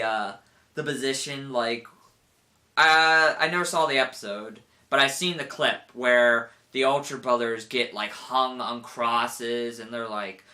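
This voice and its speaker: A young man giving a casual spoken review, rambling with lots of "like" and animated retellings. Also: medium pitch. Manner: rambling, full of "like", animated quoting with laughs.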